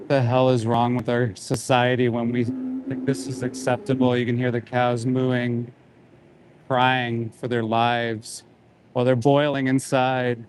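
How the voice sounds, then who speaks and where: This livestream features a Canadian activist for animal rights, in his forties, commenting live from the side of a road. He speaks at a measured pace with a level, medium-pitched voice that is smooth and somewhat dark, sounding grave and indignant through short, repeated phrases.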